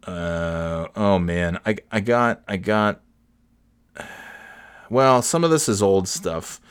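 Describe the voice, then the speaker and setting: A man's voice: sits low, slow pace, smooth, no echo, clean studio sound. A man in his forties hosting a solo comedy podcast, rambling from one tangent to the next, cursing and restarting his sentences. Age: 40s. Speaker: podcast host.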